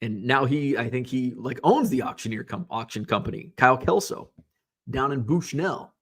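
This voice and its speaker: A man hosts a sports card livestream, chatting loosely, telling rambling stories, casually swearing, and reading viewers' comments aloud. His medium-pitched voice is expressive and moves at a normal speed.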